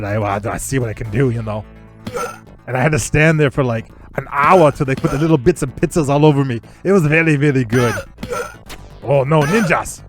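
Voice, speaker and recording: A man's voice: mid-range voice, natural voice. A man doing a boastful Austrian-accented action hero. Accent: put-on Austrian-German. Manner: boastful, heavy-accented, punchy phrasing. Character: bragging muscleman action-star governor impression, male middle-aged. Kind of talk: streamer impression while gaming.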